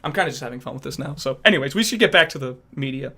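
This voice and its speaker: Young male streamer; upbeat, bright, rambling casual talk. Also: medium pitch, rapid-fire, creaky. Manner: animated, rambling, restarts often. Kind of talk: casual chat reacting to viewers.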